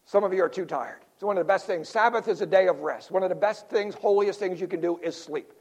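Older pastor, high-pitched man, playful sermon style with quick jokes and hushed asides. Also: husky. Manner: lively, jokey preaching with sudden drops to quiet asides.

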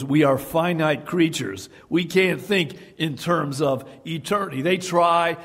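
Guy preaching a sermon, older, slightly high voice, echoey church hall. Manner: emphatic, repeats key phrases. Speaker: pastor. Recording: long hall reverb.

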